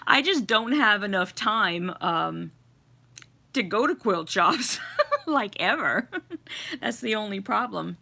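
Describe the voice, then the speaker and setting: This middle-aged woman hosts a casual live chat from home near a fireplace, reading comments and greeting viewers warmly between frequent giggles. Her mid-range voice is expressive with vocal fry, and she takes it slowly with long pauses.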